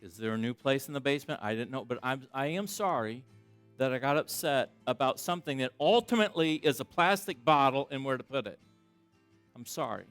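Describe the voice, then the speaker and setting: A middle-aged man preaches a sermon in a church, his voice at an ordinary male pitch. He talks to the congregation in a plain, conversational way, pokes fun at himself, and shifts between loud emphasis and quiet asides. Faint music plays under his voice. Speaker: pastor. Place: church sanctuary.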